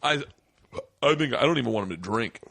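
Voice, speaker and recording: A man hosting a comedy podcast, chatting in an animated, self-mocking way. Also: medium pitch, brisk, creaky, a little hiss or hum. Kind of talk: casual chat.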